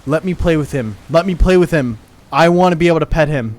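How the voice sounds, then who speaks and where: A man streaming a game live, talking excitedly and jokingly, cooing in baby talk at times. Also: fairly high pitch, normal speed, soft background music. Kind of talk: live gaming commentary.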